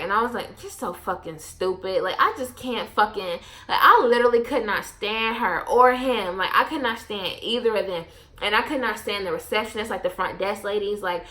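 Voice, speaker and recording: A young woman vlogger telling a story in a casual, blunt and profane way, acting out what each person said. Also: medium pitch. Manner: blunt, profane, animated storytelling with quoted asides.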